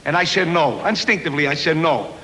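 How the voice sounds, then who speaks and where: A middle-aged man doing stand-up comedy in a chatty, self-mocking way, his voice high for a man. The sound is an old 1970s TV recording with steady hiss behind him. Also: brisk.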